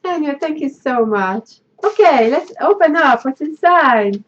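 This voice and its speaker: Woman vlogger, crafting host, high and unhurried, excitable, dull home audio. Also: background noise. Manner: gushing, emotional, laughs often. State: tearful, choked up. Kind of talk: casual unboxing vlog.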